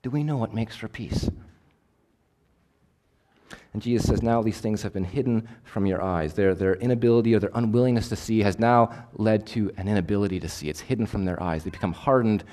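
A man preaching a sermon, swinging between emphatic, louder passages and hushed, quiet ones. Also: on the low side, fairly quick. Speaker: pastor.

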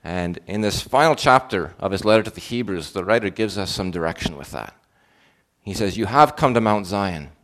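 Male pastor, sermon, low voice, earnest, repeats and restarts often. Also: animated, normal speed, a bit bright. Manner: earnest, questioning, frequent fillers and restarts.

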